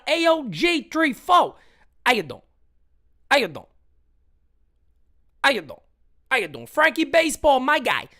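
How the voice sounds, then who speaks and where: A man hosting a fan sports livestream, hyped and chatty, rattling off shout-outs with frequent restarts. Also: very high-pitched. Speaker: livestream host. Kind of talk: energetic fan livestream talk.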